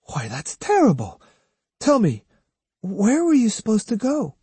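A man voicing a gentle, caring young woman in an audiobook, speaking softly and earnestly. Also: high-pitched, huge pitch swings, unhurried, slightly rough, no echo, pitched above the performer's own voice, heavily acted. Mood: gentle concern. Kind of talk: audiobook character voice.

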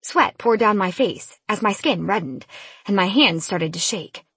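Woman narrator, fantasy audiobook, husky breathy voice, lively pitch, dry close sound. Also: unhurried, no room sound. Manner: expressive, lively storytelling.

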